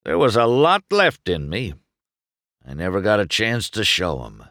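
A man voicing a gruff, bitter older male race car who grumbles in a stern, weary way. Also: lowish voice, wildly swooping pitch, measured pace, fairly bright tone, no room sound, clean studio sound, heavily acted.

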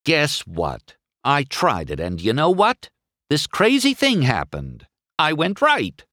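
A man voicing a cocky, irritable young male race car in a storybook reading, griping and raised in pitch. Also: huge pitch swings, slow pace, sharp tone, no echo, studio quality, heavily acted. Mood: boastful.

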